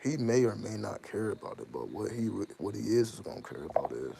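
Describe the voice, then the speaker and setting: Low gravelly dude rambling casual and slangy, lots of hiss behind him. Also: male voice, very animated, a little fast. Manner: loose, slangy, repeats himself, many "you know what I mean"s. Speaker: channel host. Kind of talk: casual spoken monologue.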